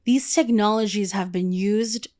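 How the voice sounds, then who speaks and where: A woman's voice: mid-range voice, unhurried, darkish tone. A woman hosting a podcast, telling a story in a chatty, casual way with lots of fillers. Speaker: podcast host. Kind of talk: casual chat.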